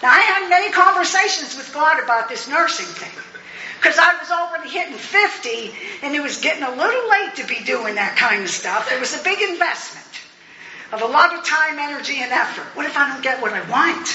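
A woman in her sixties sharing her recovery story as a personal testimony, animated and laughing often. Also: sits high, fairly quick, a little hiss or hum. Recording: echoey, muffled hall recording.

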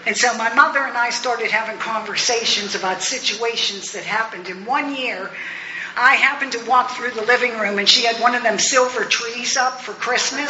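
A woman in her sixties sharing her recovery story as a personal testimony, animated and laughing often. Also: on the high side, moderate pace, slight background noise. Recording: echoey, muffled hall recording.

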